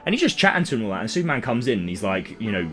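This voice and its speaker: A young man chatting on a casual podcast, retelling a comic plot with lively acted-out voices. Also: lowish voice, rapid-fire. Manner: animated storytelling, acts out characters' lines. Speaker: podcast co-host. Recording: music playing behind.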